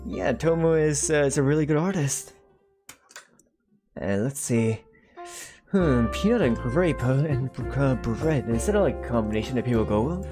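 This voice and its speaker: A man's voice: mid-range voice, animated, normal speed, music in the background. A young man chatting casually on a live art stream, rambling and self-deprecating and reading out viewers' chat.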